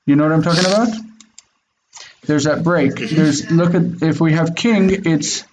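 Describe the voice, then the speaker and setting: Slow, patient male Hebrew teacher. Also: on the high side, darkish tone, slight background noise, poor audio. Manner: slow, careful pronunciation drills. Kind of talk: online class, patient teaching.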